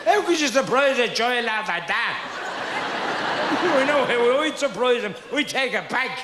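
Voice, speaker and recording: A man with a Dublin accent doing live stand-up comedy, telling broad, animated stories with pauses for punchlines. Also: extremely high pitch, roomy sound, very noisy.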